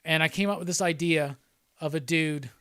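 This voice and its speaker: Casual male streamer, loose and profane, a slightly high voice in a dry room. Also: normal speed, a bit bright, smooth, dry recording. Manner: rambling and profane, with frequent laughs. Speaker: host. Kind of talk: casual livestream chat.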